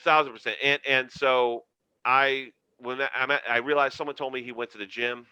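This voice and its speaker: A man tells stories in a casual chat, throwing himself into the voices of the people he quotes. His voice is bright and crisp, and it sits in a dry room close to the mic. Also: medium pitch, normal speed, no room sound. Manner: animated storyteller acting out quoted voices. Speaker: comedian guest.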